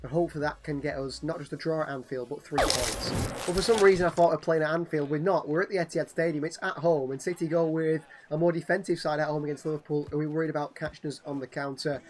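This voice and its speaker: A hoarse man commenting on a football video game as a channel host, switching from calm play-by-play to excited shouting at goals. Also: a little high, fast, a little hiss or hum.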